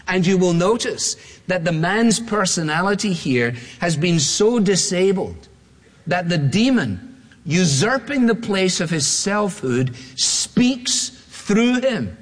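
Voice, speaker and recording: A man preaching an expository sermon, emphatic and repetitive, slowing down to read scripture quotes aloud. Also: high-pitched, sing-song, long reverb tail. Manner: emphatic, repeats phrases, slows for scripture quotes.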